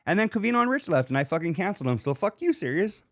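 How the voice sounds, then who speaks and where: A man's voice: high-pitched, very animated, racing, a bit bright, dry recording, clean studio sound. Profane, laughing man telling stories. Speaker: podcast host. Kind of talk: casual chat.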